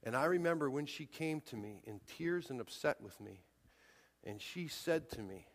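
A man's voice: mid-range voice, expressive, moderate pace. A man in his forties preaching a sermon, emphatic and pushing hard on his key points. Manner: emphatic, rising to near-shouts on key points. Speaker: pastor. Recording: long hall reverb.

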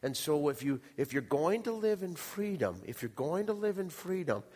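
A man's voice: on the high side, very animated, moderate pace, a little mellow, husky, big-room sound. A man preaching a sermon to a congregation, impassioned and calling out to the room. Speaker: pastor. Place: church hall.

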